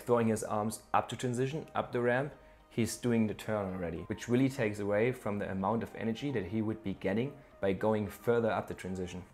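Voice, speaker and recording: A surfskate coach with a lowish, darker voice sounds out of breath as he teaches bowl technique in a video tutorial. Addressing the viewer directly, he explains each move step by step, first at an outdoor skate bowl and then from a home office.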